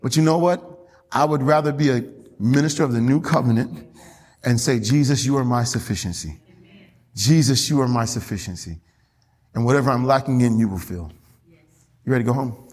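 A male pastor preaching a lively sermon in church, calling out to the congregation and repeating key phrases. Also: mid-range voice, fairly quick, long pauses, in a large hall. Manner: animated, call-and-response with congregation, repeats phrases, laughs often. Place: church sanctuary.

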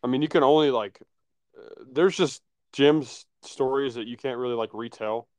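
A young man co-hosts a casual podcast. His voice is smooth and dry against the mic, and he talks in a relaxed way with quick reactions. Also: medium pitch, dry recording. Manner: relaxed, chiming in with short reactions. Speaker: podcast co-host. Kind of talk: casual chat.

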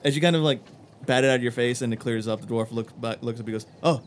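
A man's voice: medium pitch, quick pace, slight background noise. A man narrating a tabletop game as game master, loose and rambling with many fillers.

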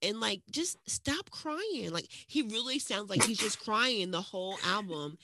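Animated, bright-voiced woman podcast co-host. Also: medium pitch, unhurried, no echo, studio quality. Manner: animated, rambling, teasing, profane. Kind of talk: casual chat. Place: at home in another city from her co-host.

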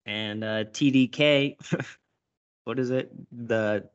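A man casually recapping a movie, animated and profane, acting out lines as he goes. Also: mid-range voice, takes it slowly, clear, resonant tone. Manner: animated, swears a lot, acts out lines. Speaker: podcast host recapping a movie. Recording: dull lo-fi sound.

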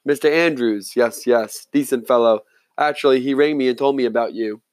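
A male reader puts on an affable middle-aged lawyer who chats easily and apologizes often. His voice sits in a middle pitch and sounds close and dry, as in a read-aloud story. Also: moderate pace, dry recording, close to an everyday voice. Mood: chatty. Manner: chatty, apologetic, friendly.

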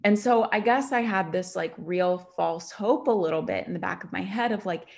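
A woman's voice: lowish voice, normal speed, creaky, a little mellow. A woman hosting her own podcast, talking candidly in a rambling, conversational way and retelling what people said to her. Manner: candid and rambling, with many fillers and retold dialogue. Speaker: podcast host. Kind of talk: casual confessional chat.

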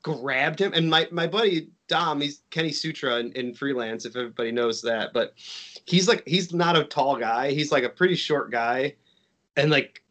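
A man's voice: fairly high pitch, normal speed, fairly bright tone. A man from Chicago, a wrestler guest on a podcast, telling a story in casual chat with lots of restarts and fillers. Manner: rambling, many likes and restarts.

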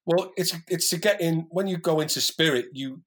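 Earnestly sharing a personal story, this male podcast guest talks in a casual chat full of restarts and asides. His voice is a little high and husky, a bit bright, and moves at a normal speed.

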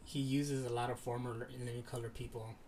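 A man chatting casually, animated and full of fillers, now and then swearing. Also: medium pitch, a little fast, far from the mic, a little hiss or hum. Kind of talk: casual chat.

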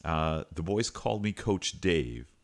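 A middle-aged Canadian podcast host and coach, whose voice is remarkably deep and low, tells a story in a monologue. His delivery is relaxed and conversational, with filler pauses and restarted sentences along the way.

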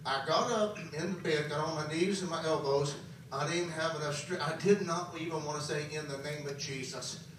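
A man preaching a sermon, swinging between soft and loud and repeating phrases for emphasis. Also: on the high side, steady tone, brisk, slight background noise. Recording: very echoey hall, voice from far off.

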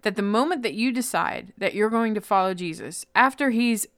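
A woman's voice: mid-range voice, normal speed, fairly bright tone, dry recording. A middle-aged woman co-hosting a faith-based chat, telling stories with playful voices and laughter. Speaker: co-host.

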